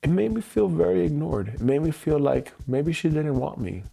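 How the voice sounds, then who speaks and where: Male livestream host with a mellow, gravelly voice, reflective and open. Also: a little high, expressive. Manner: slow, candid, searching self-reflection. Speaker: EFT tapping livestream host. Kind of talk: personal reflective livestream talk. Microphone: livestream mic.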